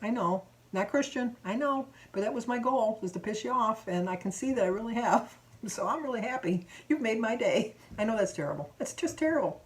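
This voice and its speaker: A woman's voice: a little high, animated, brisk, hardly any pauses. Chatty woman telling an indignant story. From Michigan. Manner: chatty, indignant retelling of a store run-in. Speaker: vlogger. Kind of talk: casual storytelling vlog.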